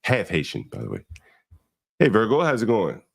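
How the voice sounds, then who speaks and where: A man's voice: fairly low pitch, huge pitch swings, normal speed, gravelly, dry recording, clean studio sound. A man hosting a casual livestream panel, drawling his words at times. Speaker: livestream host.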